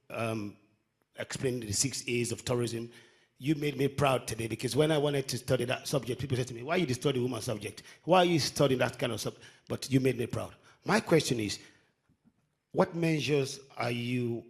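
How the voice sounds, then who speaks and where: A man asking a question from the floor, formal and halting with many fillers. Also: medium pitch, creaky. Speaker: audience member asking a question. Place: conference hall.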